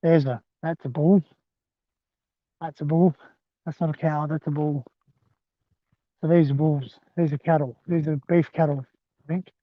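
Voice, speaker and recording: A man's voice: on the high side, steady tone, a little slow, long pauses, no room sound. Chatty man vlogging on a tinny phone. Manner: chatty, rambling, addresses viewers as guys. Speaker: livestreaming walker. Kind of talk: live walking vlog. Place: outdoors on a rural rail trail. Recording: thin phone-like sound, dry.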